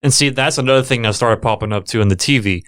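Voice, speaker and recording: A man's voice: mid-range voice, fast, a bit bright, smooth. A man co-hosting a podcast, retelling a film's plot in a laid-back casual way, leaning on "like" and "literally". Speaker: podcast co-host. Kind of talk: casual film recap chat.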